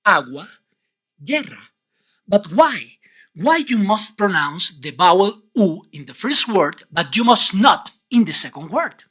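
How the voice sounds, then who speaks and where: A man leads a Spanish pronunciation lesson with an animated voice that rises and falls freely. His tone is a little husky. He speaks slowly and deliberately, pausing to quiz the viewer. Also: high voice. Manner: clear, deliberate teacher's delivery with quiz questions. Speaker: Spanish teacher.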